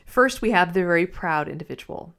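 Woman podcast host, reflective talk, halting delivery. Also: on the low side, lively intonation, fairly bright tone. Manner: thoughtful, halting, many restarts. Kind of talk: reflective spoken commentary.

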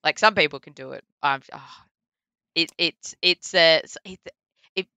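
A young woman with an Australian accent talks in a loose, easygoing way, laughing between phrases. Her voice is bright and smooth. The sound is close and dry. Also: low-pitched, unhurried, dry recording. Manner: laughs often, relaxed, many fillers. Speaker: interview guest. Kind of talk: casual interview chat.

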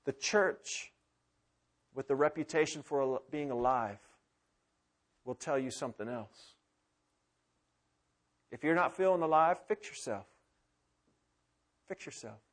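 A man preaching a sermon in a church, swinging from loud urgency to hushed, intimate pleading. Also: a little high, measured pace, pauses often. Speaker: pastor. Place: church sanctuary with congregation.

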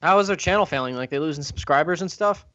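A man's voice: a little high, fast, bright, forceful tone, dry recording, dull audio. A man hosting a casual podcast, joking around and reading plugs like an announcer. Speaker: podcast host. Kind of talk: casual chat.

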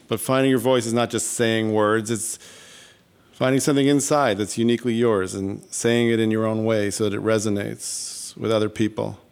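A man's voice: on the low side, smooth. A man hosting a live stage show, chatty and self-deprecating as he talks to the audience. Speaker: show host.

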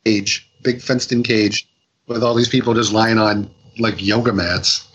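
A man on a casual podcast, retelling a comic's story with lots of ums, restarts and quick acted-out quotes. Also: on the low side, little pitch movement, a bit bright, breathy edge, lo-fi sound. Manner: rambling retelling with many fillers and restarts. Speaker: podcast co-host reviewing comics.

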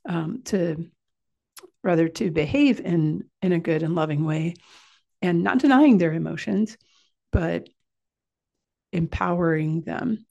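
A woman speaking in a low, gravelly voice with a mellow tone. She gives a calm, explanatory parenting talk in a relaxed coaching manner, as if guiding parents step by step. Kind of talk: informal instructional talk.

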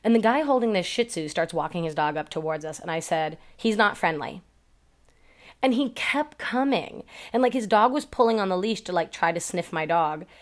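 A woman dog trainer chats casually on a podcast, her voice sitting a little low. She tells stories in a loose, profane way, swearing freely and leaning on "like" and "um". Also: lively intonation, brisk, hardly any pauses. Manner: profane, chatty storytelling with many fillers.

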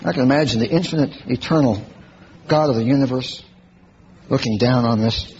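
A man preaching a sermon in an animated way, breaking into mocking high-pitched impressions. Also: brisk. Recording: slightly dull lo-fi recording with faint hiss.

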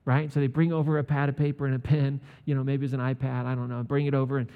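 A man's voice: medium pitch, flat delivery, quick pace, clear, resonant tone, phone-quality sound. Joking man preaching in a hall. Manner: casual and joking, acts out quotes. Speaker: pastor. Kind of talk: conversational sermon. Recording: long hall reverb.

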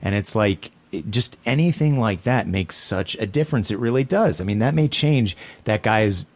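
A man's voice: lowish voice, expressive, normal speed, darkish tone. A man co-hosting a talk show, speaking casually and earnestly, often rambling and restarting his sentences. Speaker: podcast co-host. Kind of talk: casual conversation.

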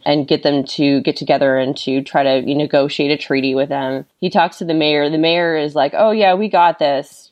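A woman with a low-pitched voice talks casually on a podcast about a comic she read. She sounds enthusiastic, laughing often and acting out the characters' lines. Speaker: podcast co-host reviewing comics. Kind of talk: casual chat.

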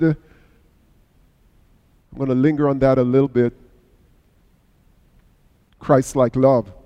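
A middle-aged male pastor preaching a sermon, telling a story with sudden swings between hushed and raised passages. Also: fairly high pitch, smooth. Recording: long hall reverb.

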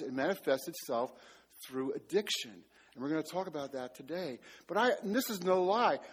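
High-voiced husky male pastor. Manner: animated, self-mocking storytelling with audience banter. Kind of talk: sermon. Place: church before a live audience.

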